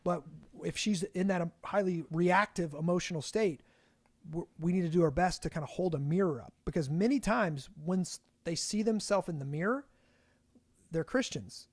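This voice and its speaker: A man's voice: sits high, normal speed, no room sound. A young man co-hosting a casual podcast, talking in a rambling way with many restarts and fillers. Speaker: podcast co-host.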